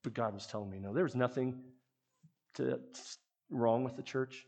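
A man's voice: mid-range voice, normal speed, gravelly, darkish tone, highs cut off. A man who leads a youth ministry, giving an earnest, conversational sermon to the people who support it. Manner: earnest, conversational preaching with restarts.

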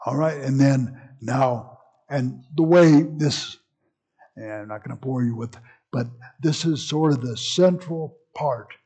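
A man's voice: mid-range voice, takes it slowly, dark tone, breathy edge. A man leading a Bible study in a folksy, rambling way, with joking asides.

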